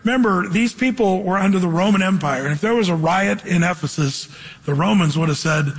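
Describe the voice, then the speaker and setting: A man preaching a sermon, reading scripture slowly and then explaining it in casual, slangy talk. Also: sits high, slightly rough. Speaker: pastor. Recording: long hall reverb.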